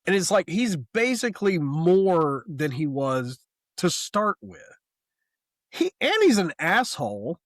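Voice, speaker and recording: A young man co-hosting a casual comic book podcast, talking in an animated, profane way and mocking the characters he retells. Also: high voice, slow pace, dry recording, clean studio sound. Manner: animated, profane, mocks characters in quoted asides. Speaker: podcast co-host.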